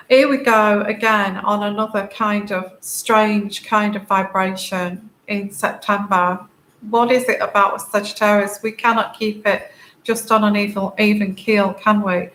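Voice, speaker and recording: A woman giving a tarot reading to camera, tearful and crying, talking haltingly with many fillers and restarts. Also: mid-range voice, steady tone, fairly bright tone. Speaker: tarot reader. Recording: echoey room, faint background noise.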